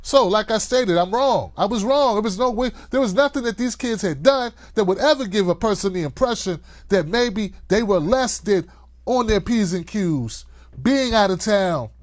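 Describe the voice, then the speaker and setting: A man's voice: sits high, dry recording. A man hosting a political commentary show, talking in an emphatic, sarcastic monologue.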